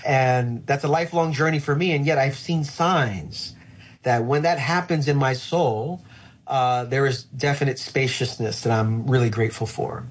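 A middle-aged male pastor talking through faith in an earnest, thoughtful way, slowing down to land his key points. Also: mid-range voice, breathy edge. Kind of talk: reflective faith conversation.

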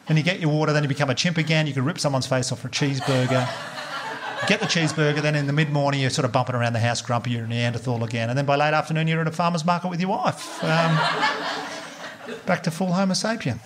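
Fast-talking Australian man doing stand-up. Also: a little high, background noise. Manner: animated storytelling, acts out characters with swearing. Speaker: stand-up comedian. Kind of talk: stand-up comedy set. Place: live comedy venue.

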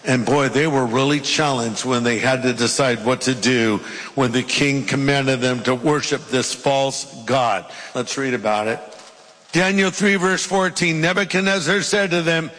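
A man's voice: medium pitch, a little slow, fairly bright tone. A middle-aged man, a pastor, preaching a sermon and reading scripture aloud with emphatic, dramatic delivery. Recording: long reverb of a large hall.

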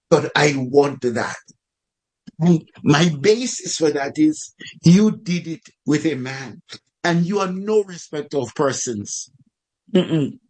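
A man's voice: fairly high pitch, darkish tone, low-quality recording. A man preaching a sermon in a fervent storytelling manner, repeating phrases for emphasis.

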